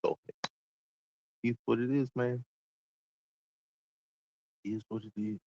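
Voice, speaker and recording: A man's voice: mid-range voice, little pitch movement, slow pace, dark tone, no room sound, highs cut off. A man giving reaction commentary, calling out a streamer.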